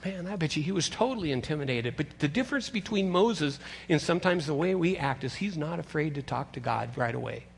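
An older man preaching a sermon as pastor, conversational and animated, teasing his congregation. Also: a little high, fairly quick, vocal fry, few pauses, slight background noise.

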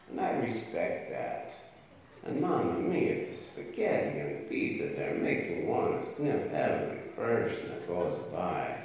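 A man's voice: on the low side, darkish tone, voice pushed down. A man voicing a male English bulldog with a put-on Italian accent and mobster swagger, rambling and theatrical. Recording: echoey hall playback from far off.

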